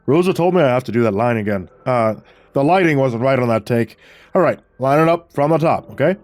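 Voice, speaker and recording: A male narrator voicing a showy young man filming his own video, loud and hammy, over faint music. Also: medium pitch, lively intonation, a little fast, lightly acted. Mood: casual.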